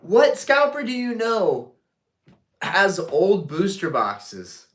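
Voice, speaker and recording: A man voicing a brash, scoffing tough guy in an exaggerated put-on New Jersey accent, loud and raised in pitch. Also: wildly swooping pitch, takes it slowly, exaggerated voice.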